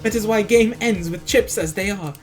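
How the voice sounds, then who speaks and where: A woman voicing a nervous foreign woman witness who speaks halting, broken English. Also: mid-range voice, faint music behind, voice pushed up, natural voice.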